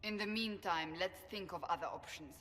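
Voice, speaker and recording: An actress playing a resolute female war-council advisor with a measured, determined manner. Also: on the low side, bright, forceful tone. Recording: reverberant game audio.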